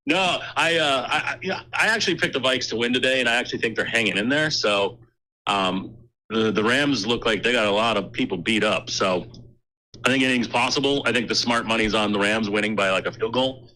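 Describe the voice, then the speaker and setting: A man chatting casually about football on a call, hesitant with lots of ums and halting restarts. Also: mid-range voice, bright, forceful tone, poor audio. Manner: hesitant, laughing, lots of fillers. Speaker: phone-in friend. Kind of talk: casual chat.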